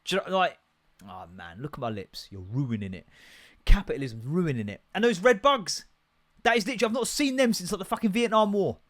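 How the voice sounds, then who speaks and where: A young English man rants on his podcast, swearing freely and hopping from one topic to the next. His voice sits a little high for a man. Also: fairly quick. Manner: sweary, animated, jumps between topics. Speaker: podcast host. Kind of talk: casual ranting monologue.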